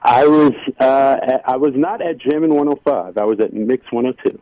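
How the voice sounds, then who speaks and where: A man calling in to a radio show as a mystery caller, halting and giggly. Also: medium pitch, mellow, no room sound. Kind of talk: radio call-in banter. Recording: dull lo-fi phone line.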